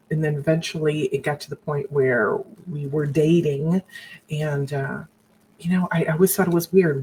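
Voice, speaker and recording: A woman with a low-pitched voice recounts her own past in a personal broadcast. She speaks earnestly and haltingly, often breaking off and restarting, and mimics the people she quotes. A faint background hiss sits under her voice. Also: a little mellow, poor audio. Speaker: abuse survivor sharing her story.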